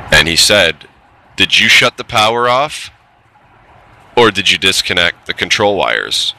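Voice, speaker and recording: A man's voice: low-pitched, sharp tone, poor audio. A middle-aged man telling a candid, plainspoken story from his years in the trades, with some mild swearing. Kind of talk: casual storytelling monologue.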